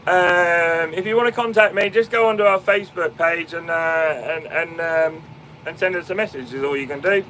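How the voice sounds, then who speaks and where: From a tractor cab in a field, a young Fenland-accented man casually answers viewers on a live stream over his phone. His voice is on the high side, pushed and bright, at a moderate pace, and he's chatty, with many ums and restarts, calling people mate and my man. Slight background noise comes through, and the audio is poor.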